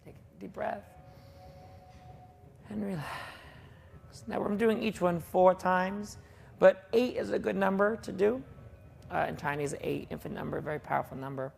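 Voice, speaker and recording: A woman's voice: mid-range voice, moderate pace, creaky, long pauses, darkish tone, slight background noise. A woman leading a qigong class with chatty, folksy instructions and asides, in a fitness studio. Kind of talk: guided exercise class. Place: martial arts and fitness studio.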